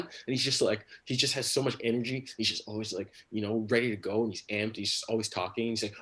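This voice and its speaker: A man's voice: on the low side, a little fast, fairly bright tone, husky. A man doing a rambling, crude stand-up set on a livestream, full of fillers and restarts. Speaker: stand-up comedian.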